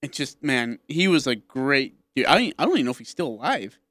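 A man's voice: medium pitch, sing-song, brisk, fairly bright tone. A man co-hosting a radio sports talk show, telling a rambling story and laughing at his own jokes. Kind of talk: casual sports talk banter. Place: radio studio.

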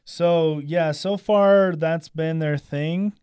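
A man's voice: on the high side, fairly even intonation, takes it slowly, a little mellow, smooth, dry recording, studio quality. A man chatting on a podcast, hesitant, with many fillers. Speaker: guest salesperson. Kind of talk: casual chat.

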